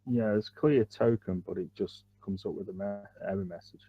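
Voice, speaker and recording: A man's voice: lowish voice, moderate pace, breathy edge, muffled recording. A man playing in a tabletop game, speaking in hesitant casual chat full of fillers. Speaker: player.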